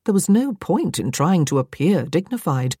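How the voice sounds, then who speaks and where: A woman narrating an audiobook with an expressive, wry storytelling manner. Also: lowish voice, normal speed, breathy edge, no echo, studio quality.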